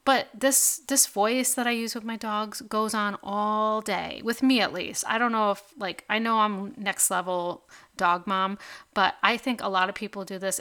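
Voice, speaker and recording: A woman's voice: medium pitch, pushed and bright. A woman hosting her own podcast in a casual monologue, chatty and full of "like" and tag questions such as "right?" and "okay?". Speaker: podcast host.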